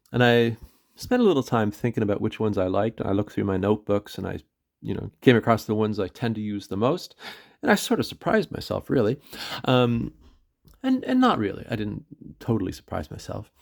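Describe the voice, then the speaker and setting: A Canadian man talks through an ink review in a loose, meandering way, stopping often with "um" and correcting himself. His voice sits a little low and carries a gravelly, creaky edge. He sounds unhurried and chatty. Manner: rambling, hesitant, many fillers and self-corrections. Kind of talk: casual vlog review.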